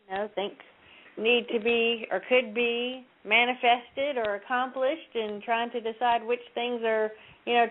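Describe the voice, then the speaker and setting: Earnest woman caller on a phone line. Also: fairly high pitch. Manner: rambling, earnest, many fillers. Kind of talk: phone-in chat.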